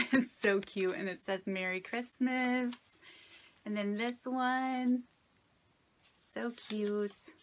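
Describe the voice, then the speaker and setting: Her voice sits on the high side with fairly even intonation as this late-thirties craft vlogger goes through gifts from friends. She speaks slowly, pausing often, softly gushing with delight as she thanks every sender. There's a slight hiss or hum in this casual mail-opening clip.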